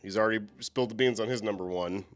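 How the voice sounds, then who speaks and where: A man co-hosting a casual chat about horror movies, animated and swearing freely. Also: lowish voice, fast, soft background music. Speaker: co-host.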